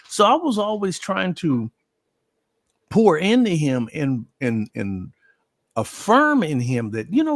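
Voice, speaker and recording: High, lively-voiced man recalling a friend. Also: unhurried, no room sound. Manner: animated, quotes himself and his friend at length, repeats words. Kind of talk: emotional conversational recollection.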